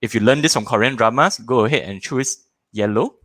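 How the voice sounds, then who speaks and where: A man hosting a live online parenting workshop, running audience polls and joking with viewers in an animated, playful way. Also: medium pitch, fairly quick, no echo.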